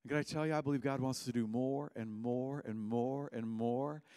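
A man preaching a sermon as pastor in a church, impassioned, swinging between loud cries and hushed words. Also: mid-range voice, steady tone, moderate pace, no echo, studio quality.

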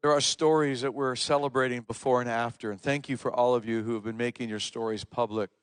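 A man preaching a sermon, his voice caught close and dry. He swings from loud, stressed words to quiet, low asides. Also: steady tone, fast, clear, resonant tone, no room sound. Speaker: pastor. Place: church service.

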